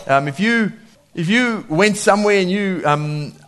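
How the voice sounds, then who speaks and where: A man preaching a sermon in a lively way, laughing often and acting out voices when he quotes people. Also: high voice, a little slow.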